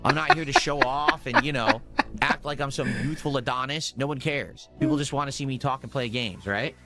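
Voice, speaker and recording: A man's voice: medium pitch, brisk, sharp tone, soft background music. A man in his forties ranting defensively and emphatically in a gaming stream commentary. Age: 40s.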